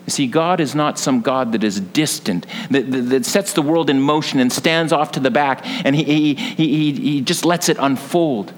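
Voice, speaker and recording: A man's voice: medium pitch, normal speed, hardly any pauses, big-room sound. A man preaching a sermon as pastor, earnest and building to passionate emphasis.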